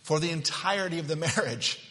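A man preaching a sermon, swinging from quiet reading to loud, shouted emphasis. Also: a little high, animated, fairly quick. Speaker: pastor. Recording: long hall reverb.

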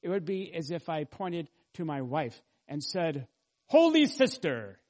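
A man's voice: a little high, unhurried, a little mellow. A man pastor preaching an expository sermon, earnestly teaching and asking the congregation rhetorical questions.

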